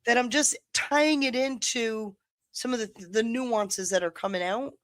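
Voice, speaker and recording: A woman's voice: a little high, a little slow, no room sound. A woman co-hosting a live stream, chatting casually in a rambling, self-deprecating way and laughing easily. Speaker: co-host of a live stream show. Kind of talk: casual chat.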